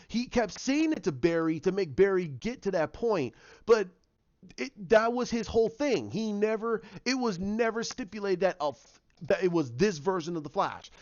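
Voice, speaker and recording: A fairly high-voiced man in his thirties tells a TV episode in an excited, chatty way, acting out what the characters say. The recording is dry and dull, with a narrow lo-fi sound. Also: no room sound. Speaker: TV episode reviewer. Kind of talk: casual episode recap.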